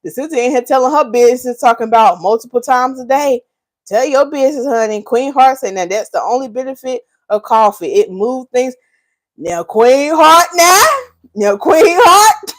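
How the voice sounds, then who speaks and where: A woman's voice: fairly high pitch, brisk. A woman from North Carolina, hosting a casual livestream, reading viewers' comments aloud and teasing them with lots of laughter. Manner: laughs often, teasing, animated, Southern Black vernacular. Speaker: hair care livestream host.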